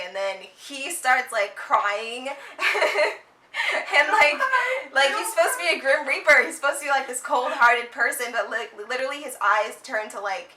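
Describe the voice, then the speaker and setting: Bright young woman in an echoey room. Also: high-pitched, moderate pace. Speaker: co-host. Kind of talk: casual chat.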